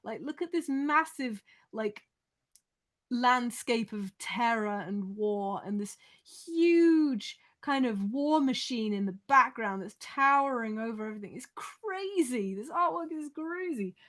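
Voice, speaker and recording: A young Englishwoman talks casually to her live-stream viewers, rambling from one thought to the next. Her voice sits a little high. She swears freely and laughs often. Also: expressive, a little slow, fairly bright tone.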